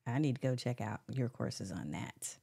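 A woman's voice: very deep voice, expressive, normal speed, creaky, mellow, slightly rough. A woman hosting a live-stream interview, upbeat and laughing often as she reads viewer comments aloud. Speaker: host.

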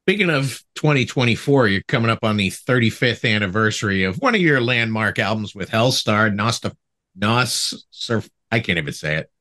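A man interviewing a musician for a podcast, asking measured, plain questions. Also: lowish voice, lively intonation, sharp tone.

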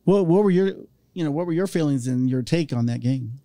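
A man's voice: on the high side, animated, a little fast, mellow, no echo, studio quality. A man from Orange County, California, hosting a casual podcast chat and telling stories with acted-out voices. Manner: storytelling, acts out voices in anecdotes.

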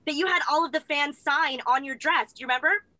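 A woman's voice: high voice, fast talker, sharp tone, no echo. An American woman co-hosting, gushing as a flustered fan over a video call. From United States. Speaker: co-host. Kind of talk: excited casual chat.

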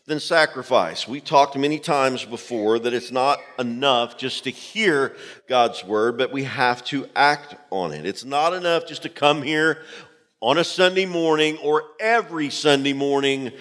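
A man's voice: a little high, a bit bright. A man preaching a sermon as pastor to his congregation, emphatic and direct, repeating key phrases. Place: church sanctuary. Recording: long hall reverb from a church.

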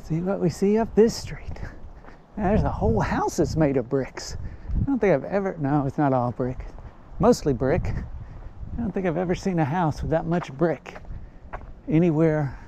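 A man's voice: a little high, animated, normal speed, vocal fry, long pauses, mellow, a little hiss or hum. Rambling man on a lo-fi street walk. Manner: rambling, points things out, coos to a cat. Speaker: walking vlogger. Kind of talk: casual walk-and-talk narration. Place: outdoors on residential streets.

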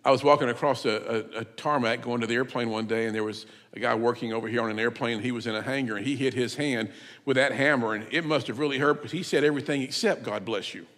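A man preaching with mid-range pitch, his voice ringing out in a church with long reverb. He tells stories and builds to emphatic, shouted points. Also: quick pace. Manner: emphatic, rises to loud shouts. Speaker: visiting preacher. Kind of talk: sermon with storytelling. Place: church sanctuary.

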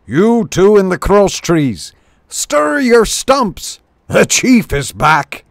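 A man voicing a bossy, boisterous male shrew chief who barks orders to his crew in a high, loud voice. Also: no echo, heavily acted. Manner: barking orders.

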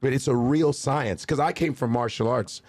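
Animated male comedian telling stories. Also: mid-range voice, moderate pace, no echo. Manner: animated storyteller acting out voices. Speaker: host, comedian. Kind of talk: casual chat.

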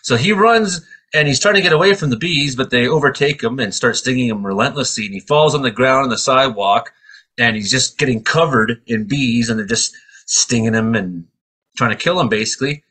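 A middle-aged man from Canada, co-hosting a casual chat and telling stories in an animated way with acted-out voices. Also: medium pitch, brisk, breathy edge. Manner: animated storyteller, acts out voices. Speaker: co-host.

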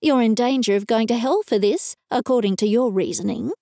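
A stern, sharp-tongued funeral director woman with an Australian accent in a cozy mystery audiobook, as the narrator takes her on. Her curt lines come in a mellow, gravelly voice in a dry room. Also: on the high side, brisk, dry recording, close to an everyday voice. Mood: stern, snapping. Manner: curt and raised when snapping.

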